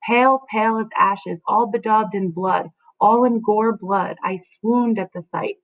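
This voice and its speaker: Brief: a woman playing a frantic old nurse, raised and shrill, in a thin lo-fi recording. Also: a little slow, close to an everyday voice. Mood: horrified. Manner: high, loud, wailing repetitions. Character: distraught old female nurse, wailing. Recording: phone-like lo-fi audio.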